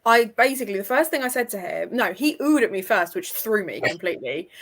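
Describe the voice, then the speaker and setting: Young woman gushing in a live chat, swears, laughs a lot, mid pitch. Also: fairly quick. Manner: excitable, swears, laughs often. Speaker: podcast co-host. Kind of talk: casual chat.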